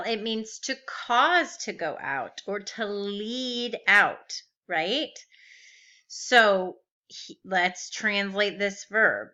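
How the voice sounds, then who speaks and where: A woman's voice: medium pitch, sharp tone, muffled recording. A woman teaching a recorded grammar lesson, patiently walking through verb forms step by step and asking rhetorical questions. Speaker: Biblical Hebrew teacher.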